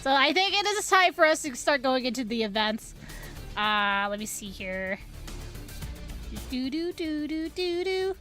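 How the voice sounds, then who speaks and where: High-voiced bubbly woman streamer. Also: sing-song, unhurried, sharp tone, soft background music. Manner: bubbly, giggly, chatty with viewers. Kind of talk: casual live-stream chat.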